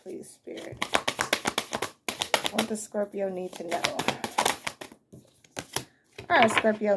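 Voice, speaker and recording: A woman's voice: medium pitch, heavy background noise. A woman giving a casual, chatty tarot reading, thinking aloud as she turns cards, with easy laughs and the odd swear word. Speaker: tarot reader.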